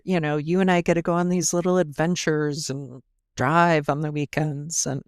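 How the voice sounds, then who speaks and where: A woman's voice: sits low, clear, resonant tone, no room sound, studio quality. A woman in her forties, a podcast guest, chatting casually about her life, with lots of fillers and quoted asides. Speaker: podcast guest, brewpub co-owner. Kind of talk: casual interview chat.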